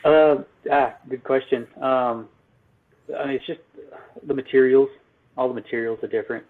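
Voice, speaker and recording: A man, an electrical business owner, answering interview questions in a halting way full of ums and restarts. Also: mid-range voice, fairly even intonation. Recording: phone-like narrow line.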